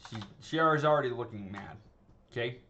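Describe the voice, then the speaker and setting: A man's voice: mid-range voice, fairly quick, bright, forceful tone, a little hiss or hum. A man teaching an animation tutorial in a loose, conversational way, often checking in with "okay?" and "right?" and restarting his sentences. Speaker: animation instructor. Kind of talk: screen-recorded tutorial, casual teaching.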